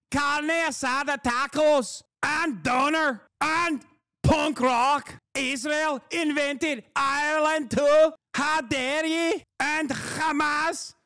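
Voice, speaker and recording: A man mocking as a shrill smug know-it-all. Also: sharp tone, dry recording, studio quality, exaggerated voice. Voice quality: high strained put-on voice. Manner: sarcastic, exaggerated.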